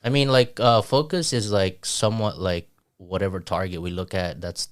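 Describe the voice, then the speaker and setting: A man with a fairly low voice co-hosts a podcast in relaxed, casual chat. He stumbles, restarts his sentences, and drops casual swears as he works through his ideas. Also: normal speed, smooth. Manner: laughs often while talking. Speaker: podcast co-host.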